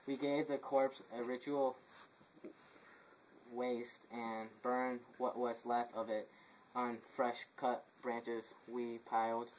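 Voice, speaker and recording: A man plays a messenger who bears grim news, in the plain voice of an amateur reading. He stumbles over the words and restarts lines. His pitch is mid-range, and a faint ambient hiss sits under the voice. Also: a bit bright, natural voice, rough recording. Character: messenger reporting deaths to the royal house. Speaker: actor in an amateur play.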